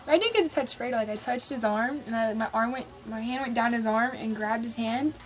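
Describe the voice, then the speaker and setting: A woman vlogging about a concert, telling it in an excitable, gushing way and acting out her own reactions. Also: fairly high pitch, rough recording. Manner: gushing, excitable, fast-shifting, reenacts her own squeals. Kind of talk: excited casual storytelling.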